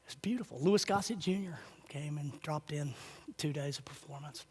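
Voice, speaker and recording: A man telling animated stories as a speaker at a conference, acting out the voices of the people he quotes. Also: a little high, moderate pace, husky, big-room sound. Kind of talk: storytelling talk.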